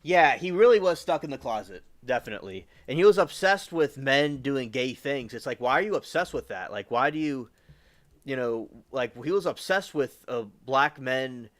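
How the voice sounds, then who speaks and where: A man's voice: medium pitch, expressive, normal speed. A man from the US South hosting a livestream, rambling casually with lots of fillers and restarts. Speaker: livestream host.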